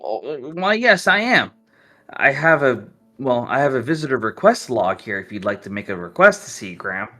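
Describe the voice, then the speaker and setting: A man's voice: mid-range voice, very animated, normal speed, pushed and bright. A man voicing a small, nervous male kobold guard who stammers politely. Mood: flustered.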